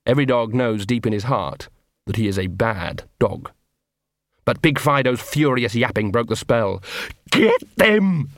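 A man's voice: medium pitch, moderate pace, no echo. A man narrating an audiobook in a dry, wry storytelling manner.

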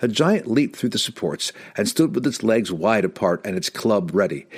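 A man narrates a fantasy adventure aloud. His voice is husky and sits a little low, and his pitch rises and falls a lot as he drives the action forward dramatically. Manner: dramatic, expressive storytelling. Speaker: audiobook narrator.

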